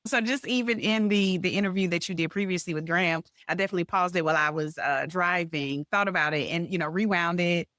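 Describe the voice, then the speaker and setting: A woman hosting an interview podcast, affirming her guest warmly with repeated short praise. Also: fairly low pitch, steady tone, quick pace, hardly any pauses, dry recording, clean studio sound. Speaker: podcast host.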